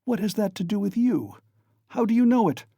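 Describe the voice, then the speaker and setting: A man's voice: fairly high pitch, lively intonation, creaky, dark tone, no room sound, clean studio sound. A man reading aloud and voicing a tense young man under suspicion, strained and accusing. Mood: agitated. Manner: strained, accusing, at times slow and weak.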